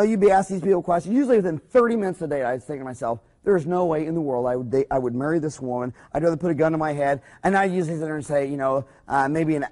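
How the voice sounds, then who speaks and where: Slightly high and darkish in tone, this man's voice belongs to a dentist and speaker in his forties. He delivers a business talk that is blunt and profane, full of stories that land on emphatic punchlines.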